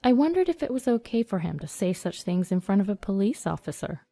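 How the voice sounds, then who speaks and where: A woman narrating a first-person story in an even, storytelling read. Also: medium pitch, a little fast, no room sound. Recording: dry studio voice-over over soft music.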